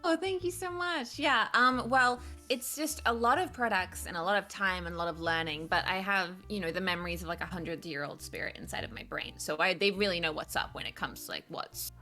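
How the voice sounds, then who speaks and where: Bright-voiced rambling woman player. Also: lowish voice, a little fast, few pauses, soft background music. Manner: chatty, rambling, peppered with "like". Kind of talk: in-character tabletop role-play.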